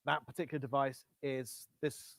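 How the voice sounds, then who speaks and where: A man's voice: mid-range voice, little pitch movement, moderate pace, creaky, fairly bright tone, no echo. A man presenting a live coding session to a meetup audience on a headset mic, casual and self-correcting, with wry asides. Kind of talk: live-coding tech talk. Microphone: Bluetooth headset.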